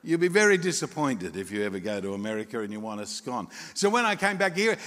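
A male pastor, preaching a sermon with animated storytelling, acting out voices and chuckling asides. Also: medium pitch, fast talker, big-room sound, some chatter behind. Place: church hall.

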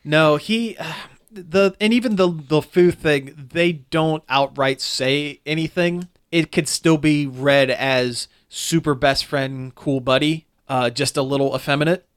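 A man's voice: on the high side, unhurried, clear, resonant tone. A man in casual chat reviewing a film, rambling with restarts and fillers as he goes. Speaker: movie reviewer.

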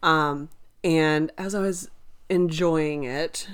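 Slow-talking woman podcast co-host. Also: low-pitched, smooth. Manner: relaxed storytelling, laughs along. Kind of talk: casual chat.

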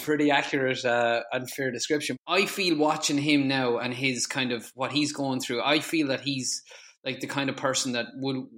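A man's voice: medium pitch, steady tone, normal speed, a bit bright. Hesitant man on a podcast. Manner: rambling, hesitant. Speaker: podcast panelist. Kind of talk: casual football chat.

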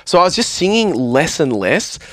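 A man's voice: a little high, normal speed, dry recording, clean studio sound. Sweary young man telling stories. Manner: rambling, sweary, animated storytelling. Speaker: podcast guest, vocalist and producer. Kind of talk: casual podcast chat. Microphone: studio mic on a stand.

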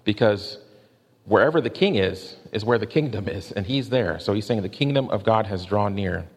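A man preaching a sermon in a measured way, slowing down to stress questions and quotes. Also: on the low side, husky. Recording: long hall reverb.

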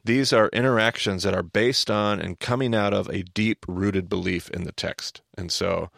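A man hosting a podcast, explaining Bible stories in a casual, animated teaching manner. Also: fairly low pitch, normal speed, vocal fry, no echo, clean studio sound. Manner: animated, explanatory, repeats words when starting a thought.

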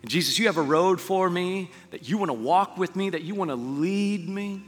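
Pastor preaching in a reverberant hall. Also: male voice, high-pitched, normal speed, slightly rough. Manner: preaching with dramatic quoted asides, dropping to soft hushed tones. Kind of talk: sermon. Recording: reverberant hall with faint music.

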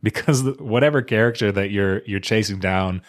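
A man's voice: on the low side, a little fast. A man who is a podcast guest, talking in an easygoing, hesitant way with many fillers. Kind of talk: casual chat.

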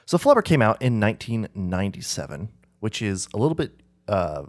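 A man's voice: lowish voice, sing-song, a little fast. A man co-hosting a podcast in casual chat, meandering and correcting himself as he recalls details, laughing easily. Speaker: podcast co-host.

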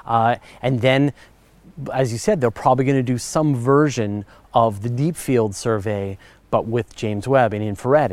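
A man's voice: mid-range voice, a little mellow, no echo. A middle-aged man hosting a podcast, answering listener questions in a chatty, enthusiastic way with fillers and self-corrections. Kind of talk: casual explanatory chat.

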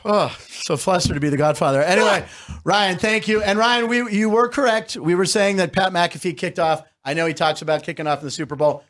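A man's voice: high-pitched, a little fast, a bit bright. A man hosting a sports talk show, joking and teasing his co-hosts in a casual studio chat. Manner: jokey, teasing. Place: radio studio.

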